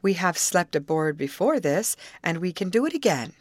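A woman reading aloud voices a steady teenage girl who leads calmly and reasons things out. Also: lowish voice, normal speed, dry recording, studio quality. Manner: calm, reasoning.

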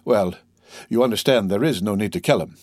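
A man's voice: on the low side, fairly quick, darkish tone, no echo, studio quality, lightly acted. A man voicing a scheming, envious male ship's clerk who speaks slyly and persuasively, in a storybook reading. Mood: sly denial. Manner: sly, persuasive, mock-innocent.

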